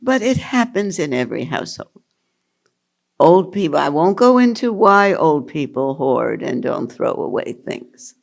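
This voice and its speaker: Older lady teacher, slow and gravelly, lots of laughs, answering retreat questions. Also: deep voice, big pitch swings. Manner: unhurried, amused, laughs often. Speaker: spiritual teacher.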